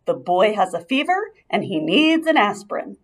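A woman's voice: mid-range voice, big pitch swings, moderate pace. A woman voicing a brave young male mouse who speaks staunchly and with a touch of drama. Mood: staunch, determined. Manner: earnest, staunch, a little dramatic.

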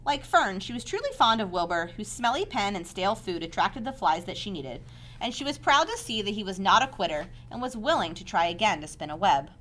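A woman narrating a children's novel aloud with measured, expressive storytelling. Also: mid-range voice.

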